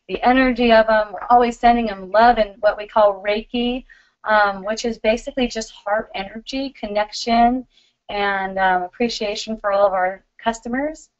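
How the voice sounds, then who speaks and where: A middle-aged woman hosting a live spiritual question-and-answer stream, talking in a warm, giggly, loving way. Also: mid-range voice, highs cut off.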